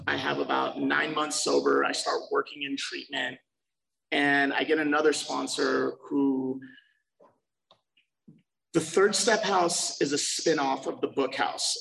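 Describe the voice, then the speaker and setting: A young man shares his recovery story in a casual, profane way and acts out the conversations he once had. His voice is heavily gravelly and full of fry. He sounds a little distant from the microphone. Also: medium pitch, a bit bright, a little hiss or hum. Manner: profane, loose, acts out quoted exchanges.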